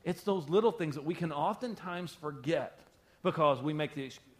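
A man's voice: a little high, normal speed. Emphatic man preaching a sermon. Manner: emphatic preaching with repetition and call-and-response. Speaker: pastor.

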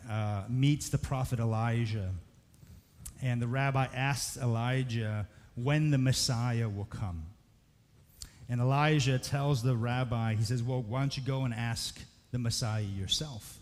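Man preaching, earnest, draws words out slow, echo trailing off in a big church. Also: mid-range voice, a little mellow. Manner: earnest, slows for emphasis. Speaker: pastor. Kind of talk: sermon. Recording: long hall reverb.

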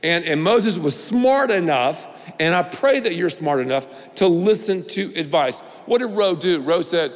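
A man's voice: sits high, lively intonation, a little slow. Man, pastor, sermon, emphatic, repeats key lines, playful, long hall echo. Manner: emphatic, repetitive preaching with playful asides.

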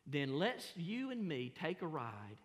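A middle-aged man, preaching a sermon as pastor in a folksy, animated, self-mocking storytelling way. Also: a little high, unhurried. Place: large church sanctuary. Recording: long hall reverb in a church.

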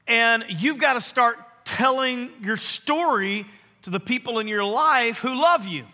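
A man preaching a sermon to his congregation, earnest and emphatic, slowing down to stress key phrases. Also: very high voice, bright, forceful tone. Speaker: pastor. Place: church sanctuary. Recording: long hall reverb.

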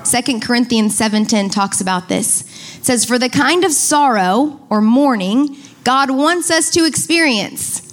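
A woman's voice: fairly high pitch, expressive, measured pace. A woman pastor preaching a sermon to a congregation, stretching key words for emphasis and speaking directly to her listeners. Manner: addresses congregation directly, asks them to repeat. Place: church before a congregation.

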